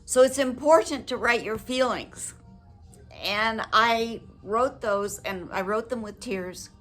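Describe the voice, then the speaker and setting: An older woman talking to her viewers in a personal, heartfelt vlog, reflective, gentle and earnest, with emotion close to the surface. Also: fairly high pitch, slow, faint music behind. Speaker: widow sharing advice with her viewers.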